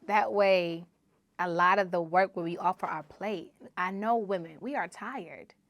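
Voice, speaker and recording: A woman hosting her own podcast, preaching emphatically and repeating phrases, moving between loud exhortation and low asides. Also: fairly even intonation, measured pace, no room sound. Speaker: podcast host. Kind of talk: solo podcast monologue.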